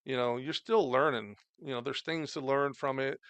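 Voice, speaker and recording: His medium-pitched voice is smooth and fairly bright, steady in tone, at a normal speed and free of room sound. A middle-aged ex-wrestler guesting on a podcast, he chats loosely about his wrestling days, rambling with lots of fillers.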